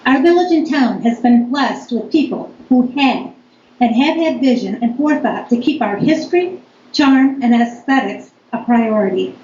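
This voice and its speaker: A woman giving a firm, deliberate public comment as a local business owner at a town board meeting. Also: a little high, lively intonation, a little mellow. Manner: firm, deliberate, reading aloud. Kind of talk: reading a prepared public comment. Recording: echoey meeting room, dull lo-fi audio, faint noise.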